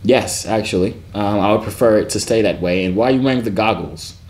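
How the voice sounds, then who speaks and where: A man in his twenties filming a YouTube video, teasing strangers on a video chat with deadpan questions. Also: lowish voice, a little fast. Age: 20s.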